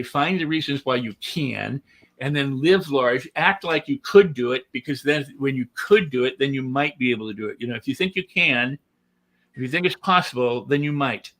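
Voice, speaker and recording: A middle-aged man, a guest author and speaker, talking animatedly in a casual podcast and acting out quoted voices. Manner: animated, acts out quoted voices with big pitch swings.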